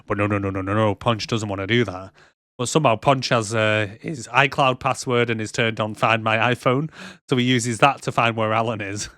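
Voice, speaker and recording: A man's voice: fairly low pitch, fairly even intonation, fairly quick, fairly bright tone, dry recording, studio quality. Giggly, sweary podcast man. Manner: laughs often, swears freely, rambling with fillers. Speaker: podcast co-host. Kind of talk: casual movie recap chat.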